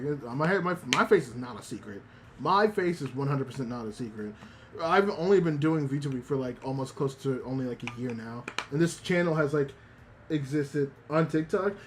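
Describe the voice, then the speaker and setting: A male VTuber chatting on a casual livestream, rambling and looping back on himself. He swears freely and often repeats lines. His voice sits a bit high for a man. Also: a little hiss or hum. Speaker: VTuber streamer.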